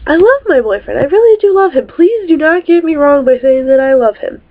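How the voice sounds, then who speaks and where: A young woman vlogger telling a story about her boyfriend in a chatty, animated way, with some swearing. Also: high-pitched, fairly quick, hardly any pauses. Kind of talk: storytime vlog. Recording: tinny phone-like audio.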